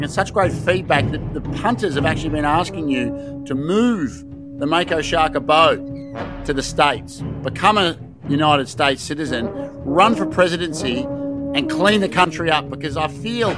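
Hyped-up podcast host. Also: male voice, fairly high pitch, expressive, normal speed, music in the background. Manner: hype, over-the-top announcer build-ups. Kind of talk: casual podcast chat.

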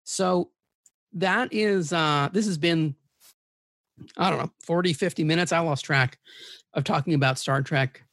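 A man's voice: fairly high pitch, unhurried, long pauses, fairly bright tone, dry recording, studio quality. A man guesting on a podcast in casual chat, eager and rambling, often restarting his sentences. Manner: rambling, self-correcting, eager.

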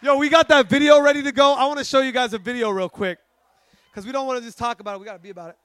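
A man preaching an energetic sermon in a fervent, slangy way, shouting at the peaks. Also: very high-pitched, very fast.

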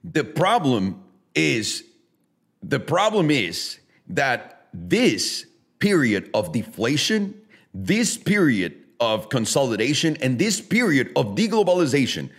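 Male podcast host at a middle pitch with a lively, swooping delivery. Blunt, heavy swearing, rhetorical questions aimed at the listener. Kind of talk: casual solo podcast rant.

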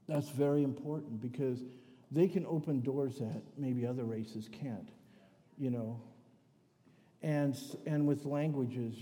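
Older man, sermon, mellow voice, slightly high pitch, joking family anecdotes, long hall reverb. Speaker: preacher.

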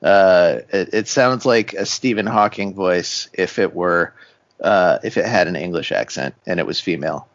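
A man's voice: low-pitched, moderate pace, no echo. A man co-hosting a casual podcast, making sarcastic, mocking remarks. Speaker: podcast co-host. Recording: dry, dull lo-fi sound.

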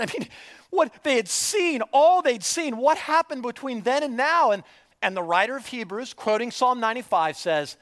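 A man preaching a sermon as a story, animated, jumping from loud bursts to hushed near-whispers. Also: very high voice, normal speed. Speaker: pastor.

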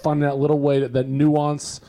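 A man's voice: fairly high pitch, monotone, moderate pace, mellow. Emphatic, profane male podcast co-host. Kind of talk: casual podcast chat.

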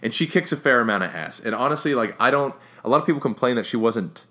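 A man giving a casual, rambling movie review, full of restarts and fillers, who grows more animated as he critiques. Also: mid-range voice, quick pace. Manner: opinionated, gets more animated when critiquing.

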